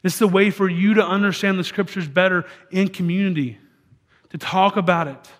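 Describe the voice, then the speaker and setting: A man's voice: high voice, steady tone, a little fast, fairly bright tone. A man preaching a sermon as a church pastor, talking in a conversational way with frequent restarts.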